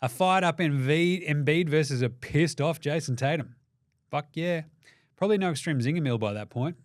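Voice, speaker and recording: Sweary Australian sports host. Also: male voice, a little high, normal speed, no room sound, clean studio sound. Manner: profane, energetic, jokey banter. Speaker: basketball show host. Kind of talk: casual sports commentary.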